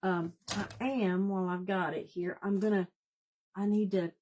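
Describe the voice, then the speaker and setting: A woman's voice: medium pitch, steady tone, moderate pace, dark tone. A woman with a Southern US accent hosting a casual live craft demonstration, chatting folksily and greeting viewers by name as she works. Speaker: craft tutorial host. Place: home craft room.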